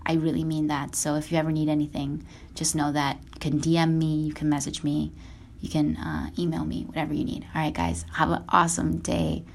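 A woman's voice: deep voice, a little fast, creaky, a little hiss or hum. A woman vlogger talking earnestly and encouragingly to her viewers about rest and self-care, often repeating words.

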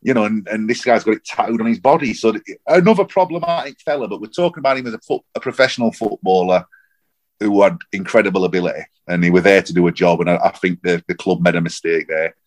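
Chatty man, lowish voice. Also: fast talker. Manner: rambling, animated, repeats himself. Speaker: podcast co-host. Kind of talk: casual football chat.

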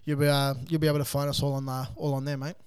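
Laid-back Australian man, smooth voice. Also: medium pitch, little pitch movement, very fast, darkish tone. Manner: laid-back, swears, laughs often. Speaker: podcast guest, coffee van owner. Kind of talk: casual interview chat. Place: home studio.

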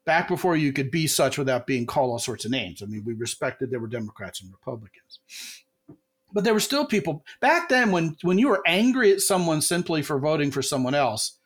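A man hosting a podcast in casual chat, telling animated stories and acting out quotes in a raised voice. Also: on the high side, brisk, slightly rough.

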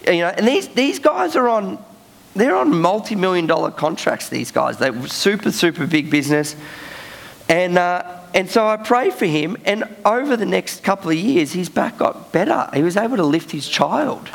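A young male pastor, preaching by telling a personal story in a chatty, animated way. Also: sits high, moderate pace, creaky. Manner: chatty, animated storytelling with frequent laughs and fillers. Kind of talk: sermon storytelling.

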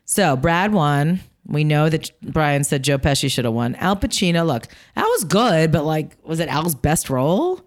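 A lively woman chatting about movies with her co-hosts. She talks in a fairly low voice, jumps between asides and laughs often, giving quick, opinionated takes on the awards. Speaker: podcast co-host. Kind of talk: casual chat about film awards.

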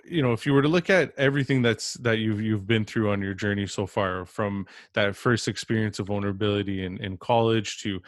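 A man hosting an interview in a low, level voice. He pauses on fillers and restarts as he frames his questions. The recording is dry and close. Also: dry recording. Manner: hesitant, many fillers and restarts. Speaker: podcast host. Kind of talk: casual interview.

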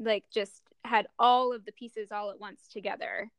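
A young woman in casual chat, halting and searching for words as she talks. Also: mid-range voice, fairly even intonation, clean tone, dry recording.

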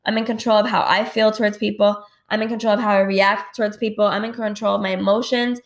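A woman's voice: mid-range voice, flat delivery, fast. A woman hosting a casual solo podcast, talking candidly, swearing freely and saying "like" a lot. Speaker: podcast host. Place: home at night. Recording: roomy echo.

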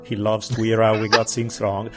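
A man's voice: fairly low pitch, monotone, moderate pace, a little mellow, soft background music. Playful joking man. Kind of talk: casual podcast chat.

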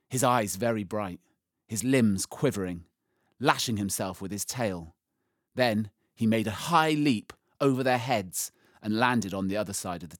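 A man reading a storybook aloud, slow and expressive, rising with the drama. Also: fairly low pitch, no room sound, studio quality.

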